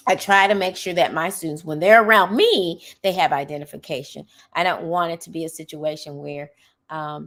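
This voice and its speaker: Woman, middle-aged, teacher, podcast host, casual monologue, earnest, emphatic, slightly low-pitched, keeps asking "okay?". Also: fairly bright tone. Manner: earnest, emphatic, talks to the listener with frequent "okay?".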